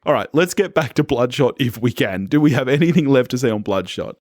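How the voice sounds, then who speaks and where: An Australian man co-hosting a casual film podcast, his voice bouncing up and down with lively energy. He chats loosely and breaks into laughter often. The sound is dry and close, with no room around it. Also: medium pitch, a little fast, no room sound. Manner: chatty, laughs often, animated. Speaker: podcast co-host. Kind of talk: casual film-review chat.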